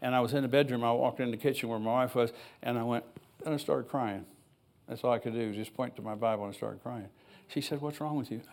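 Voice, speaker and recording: This older male pastor has a mid-range, darkish voice with fairly even intonation and a quick delivery. Preaching in church, he chats casually, reading Bible verses aloud before drifting off on tangents and asides.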